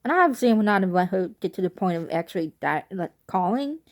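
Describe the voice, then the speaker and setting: A woman's voice: medium pitch, animated, quick pace. A young adult woman vlogging, telling a casual, rambling story that turns wistful at times.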